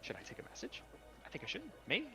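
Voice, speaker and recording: A man voicing a tiny rapid male sprite with dragonfly wings, high-pitched and tripping over his words. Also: wildly swooping pitch, music in the background. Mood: flustered.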